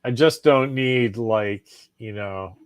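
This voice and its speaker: A man co-hosting a casual podcast chat, animated and profane, often laughing. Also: medium pitch, takes it slowly, clear, resonant tone, no room sound. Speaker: podcast co-host.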